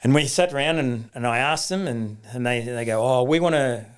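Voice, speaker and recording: This rugby league coach, a middle-aged man with an Australian accent, is a guest in a relaxed interview, spinning loose stories full of restarts and acted-out quotes. His mid-range voice is brisk, fairly bright, clear and resonant.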